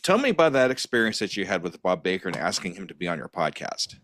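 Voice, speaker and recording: A man hosting a podcast interview, chatting casually with a self-deprecating, lively manner. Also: sits low, fast. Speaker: podcast host.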